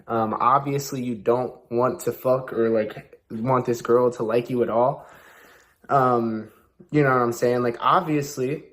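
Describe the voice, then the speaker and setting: A man's voice: medium pitch, steady tone, a little slow, fairly bright tone. A young man hosting, giving loose casual advice with lots of fillers and asides. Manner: loose, rambling, heavy fillers. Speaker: host.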